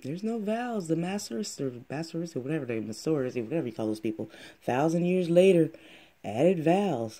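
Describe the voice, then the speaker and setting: A man explaining in a casual, rambling monologue, halting often and restarting his sentences as he goes. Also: on the high side, expressive, mellow. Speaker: channel host.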